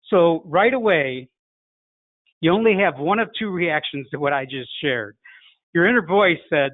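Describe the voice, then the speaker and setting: A man's voice: on the high side, lively intonation, unhurried, long pauses, no echo. A middle-aged man from Chicago with a Chicago accent, teaching a sales lesson in a direct coaching manner. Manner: direct, coaching, acts out phone greetings. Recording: tinny phone-like dry sound.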